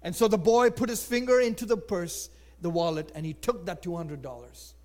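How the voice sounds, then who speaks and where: A man telling a moral story dramatically, swinging between loud exclamations and hushed near-whispers. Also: high voice, moderate pace.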